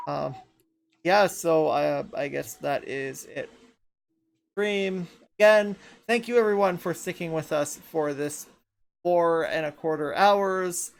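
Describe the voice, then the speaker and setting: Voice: medium pitch, slow, gravelly. A podcast host from Canada who says they are tired, chatting casually and rambling with frequent laughs. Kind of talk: casual chat.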